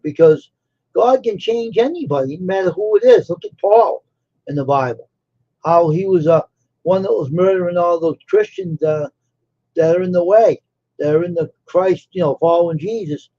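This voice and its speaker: A man's voice: sits high, animated, normal speed, mellow. A man hosting a live stream, telling a personal story in a casual, rambling way and repeating phrases for emphasis. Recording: dull lo-fi stream audio.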